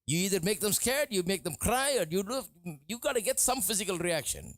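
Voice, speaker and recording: A male preacher giving a sermon, animated and often laughing as he acts out what people say. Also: high-pitched, brisk, no echo. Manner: animated, laughing, mimics voices in quotes.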